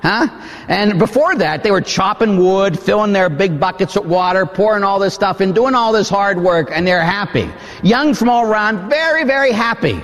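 Animated male priest preaching a story sermon, higher voice, lively swings from hushed to exclaiming, church reverb. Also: moderate pace. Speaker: Catholic priest.

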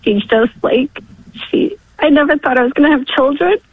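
High-voiced woman on a tinny phone line. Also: no echo. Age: 40s. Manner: emotional, halting, sometimes tearful. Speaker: caller. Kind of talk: call-in radio testimony. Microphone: telephone.

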